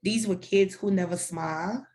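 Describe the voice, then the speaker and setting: A woman's voice: mid-range voice, moderate pace, darkish tone, a little hiss or hum. African-raised woman founder, earnest testimony, repeats lines like a preacher. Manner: earnest, declarative, preacher-like repetition. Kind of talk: interview answers, faith testimony.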